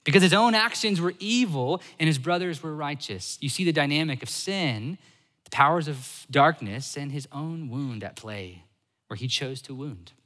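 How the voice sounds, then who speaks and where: Male pastor in a sermon, bright and forceful tone, lively swings in loudness. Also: on the high side, moderate pace, big-room sound. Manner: animated, swings between loud emphasis and soft asides.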